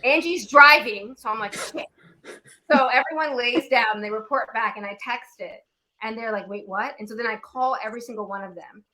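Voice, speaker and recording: A woman author on a panel, telling an animated story, mimicking voices and laughing. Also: on the high side, brisk, a little hiss or hum.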